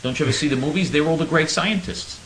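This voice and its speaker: A man's voice: on the high side, fast, a bit bright, echoey room, a little hiss or hum, rough recording. A man hosting a talk radio show, telling stories in a mock-naive, sarcastic way. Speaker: radio host.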